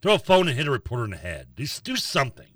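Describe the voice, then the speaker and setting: A man's voice: medium pitch, wildly swooping pitch, rapid-fire, no room sound, distant mic. A man co-hosting a casual sports radio show, complaining with sarcastic exasperation.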